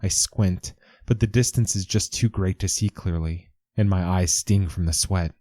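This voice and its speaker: A man narrating a first-person story in a measured, intense way. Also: low voice, dark tone, dry recording.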